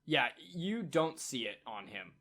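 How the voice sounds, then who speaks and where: A man's voice: mid-range voice, sing-song, pushed and bright. Casual male game master narrating. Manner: casual, halting narration with fillers.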